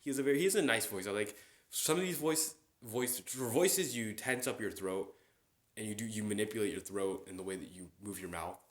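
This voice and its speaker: A young man hosting a casual solo chat. He rambles, with many fillers and restarts. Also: sits low. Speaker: podcast host. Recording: roomy echo.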